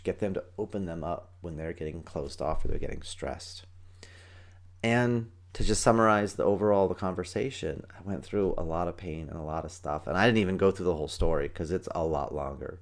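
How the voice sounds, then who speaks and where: A man hosting a parenting podcast as a martial arts teacher, talking fast and excitedly and acting out what kids and parents say. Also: low voice, creaky. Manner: fast, excited, acts out kids' and parents' voices. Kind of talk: energetic solo podcast talk.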